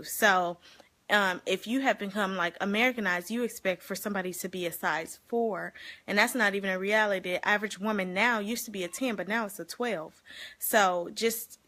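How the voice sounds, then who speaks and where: A woman vlogging casually to her viewers, giving life advice in an animated, chatty way and laughing often. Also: medium pitch. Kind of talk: casual talk to camera.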